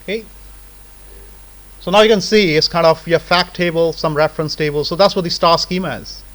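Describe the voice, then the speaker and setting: A man gives a live software lesson, talking students through each click in a loose, conversational way. His voice sits a little high for a man, and he keeps tagging sentences with "right?" and "okay?". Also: steady tone, fairly quick, poor audio. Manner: casual, repeats "right?" and "okay?" as check-ins. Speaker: lecturer. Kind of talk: live software tutorial lecture.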